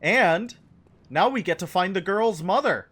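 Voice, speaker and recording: A man streams a game and talks to his chat in an easygoing, joking way. His voice sits a little high and swings up and down a lot. He reacts to the game and answers viewer questions in plain casual speech. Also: lively intonation, a little slow, fairly bright tone, breathy edge.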